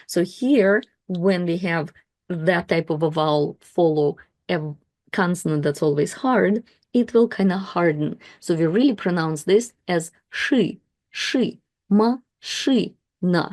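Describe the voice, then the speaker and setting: A woman teaching a language lesson, pronouncing sounds and syllables slowly and carefully for beginners. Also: fairly low pitch, a little mellow, dry recording, clean studio sound. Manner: slow, careful, drawing out sounds and syllables for learners.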